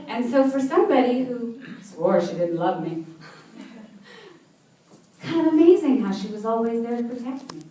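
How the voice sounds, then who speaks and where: A woman's voice: fairly high pitch, lively intonation, unhurried, pauses often, mellow, slight background noise. A woman giving an inspirational talk to a live audience, telling personal stories and often laughing. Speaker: motivational speaker. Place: event hall with seated audience. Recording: echoey hall, voice from far off.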